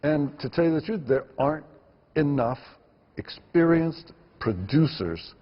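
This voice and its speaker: A man's voice: fairly high pitch, expressive, measured pace, big-room sound, dull audio. A man, a filmmaker guest, answering interview questions emphatically and repeating words for stress.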